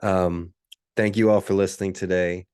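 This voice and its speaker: A man hosts his own daily podcast alone, chatting casually with a deadpan edge and many ums. His voice sits very low and deep. The recording is close and dry. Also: moderate pace, clean tone, no room sound. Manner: relaxed, filler-heavy, deadpan. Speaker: podcast host. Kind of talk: casual solo podcast talk.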